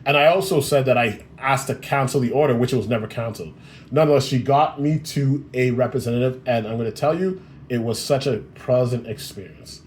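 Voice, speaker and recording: A vlogger tells a maddening customer-service story in a casual rant, his mid-range voice running a little fast over slight background noise. He's blunt and exasperated as he retells it, swearing freely throughout.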